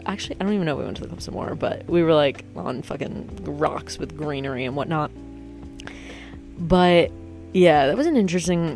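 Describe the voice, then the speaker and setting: A woman's voice: low voice, moderate pace, darkish tone, faint music behind. A young woman in her twenties telling a casual story about a night out, chatty and self-mocking, full of "like" and "um". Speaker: vlogger.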